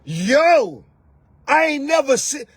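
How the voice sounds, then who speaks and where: A man hosting his own show, ranting loudly and mockingly about dating, often slipping into soft mimicking voices. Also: extremely high pitch, sing-song, slow, no room sound. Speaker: host. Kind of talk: animated rant to camera. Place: lives in Atlanta.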